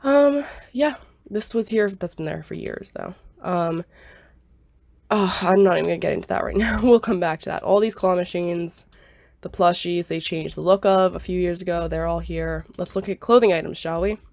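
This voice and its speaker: Stuffy young woman w a sinus cold, low-ish gravelly voice, rambly game commentary, repeats herself a lot. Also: moderate pace, a little mellow, no echo. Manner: rambling, repetitive, hedging with "I believe". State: stuffy, scratchy voice from a sinus illness. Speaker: gaming YouTuber. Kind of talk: casual screen-recorded commentary.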